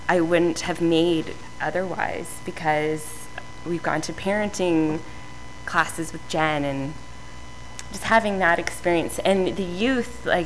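A woman's voice: fairly low pitch, a bit bright, a little hiss or hum, rough recording. A woman sharing a chatty, enthusiastic testimony in front of her church. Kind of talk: casual testimony.

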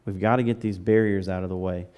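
A man from the American South preaching a conversational sermon, building to excited emphasis. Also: sits low, quick pace.

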